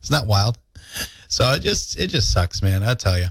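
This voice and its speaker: Morning radio host, male, lively joking delivery, studio mic. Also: on the low side, moderate pace, husky, no echo. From Canada. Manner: jokey, animated storytelling with laughs. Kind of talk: casual morning radio banter.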